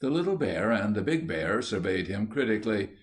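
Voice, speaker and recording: A man narrating a classic children's story with a lowish, steady voice. His reading is measured and unhurried. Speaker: audiobook narrator.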